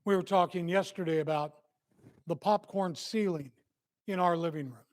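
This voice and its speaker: A man's voice: sits high, normal speed. A man preaching an earnest, emphatic sermon as a church minister.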